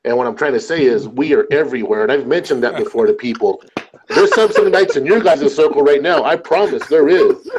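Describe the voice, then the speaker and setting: A man in casual chat, telling animated stories, swearing often and saying "man" a lot. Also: mid-range voice, fairly quick, background noise.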